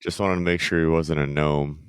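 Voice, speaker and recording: A man with a remarkably deep, smooth voice guests on a casual podcast, talking in a flat, deadpan way with dry humor. The recording is close and dry. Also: brisk, dry recording.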